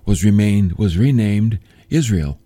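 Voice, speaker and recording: A man leads a casual Bible lesson, reading scripture and breaking off for chatty, joking asides. His voice rises and falls a lot as he tells the story. The tone is warm and mellow rather than bright. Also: on the low side, expressive, unhurried. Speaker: Bible teacher.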